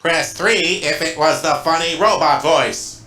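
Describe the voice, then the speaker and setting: A man putting on a slow, stiff robot voice during a prank phone call. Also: a little high, creaky, pushed and bright, roomy sound, faint music behind, full character voice. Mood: smug. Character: male robot voice, proud of sounding cool.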